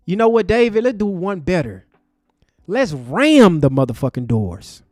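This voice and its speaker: A man hosts his live stream in a high, animated voice that jumps from loud bursts to low mutters. He is openly angry and curses in street slang. The sound is close and dry, with faint music underneath. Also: fairly quick, no room sound. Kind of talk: heated live stream commentary.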